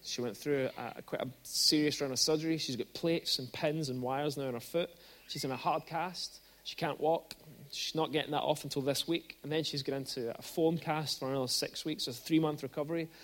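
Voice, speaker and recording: A man's voice: on the high side, steady tone, fairly quick, a bit bright. A man preaching as a guest speaker at a church service, telling stories in a chatty way and building to emphatic peaks. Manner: conversational storytelling, with bursts of rising emphasis. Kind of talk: sermon.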